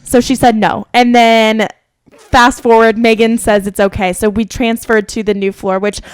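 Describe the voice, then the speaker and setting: A woman co-hosting a podcast, recounting events in a steady, plain way. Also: fairly high pitch, moderate pace, clear, resonant tone, no room sound. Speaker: podcast co-host. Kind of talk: casual chat.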